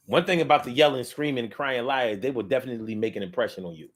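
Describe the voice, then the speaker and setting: A man giving a casual, animated comedic monologue in heavy slang. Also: medium pitch, fast, few pauses. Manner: animated, slangy, repetitive storytelling. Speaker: comedic commentator.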